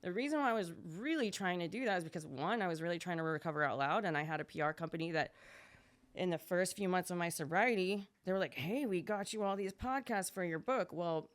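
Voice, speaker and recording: A young adult woman, a podcast guest, telling her story in casual chat, chatty and quick, jumping higher when she acts out what others said. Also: lively intonation.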